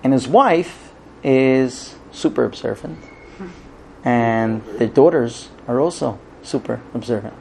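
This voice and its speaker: A man's voice: slow, vocal fry. A man teaching a religious class to a live audience, telling stories and acting out the characters with big jumps in his voice. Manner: animated storyteller, acts out characters with big pitch jumps. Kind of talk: Torah class with told stories.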